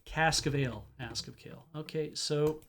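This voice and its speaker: Man casually thinking out loud. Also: on the high side, normal speed. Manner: reads game text aloud, thinking out loud. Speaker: streamer playing a game. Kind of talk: casual game commentary.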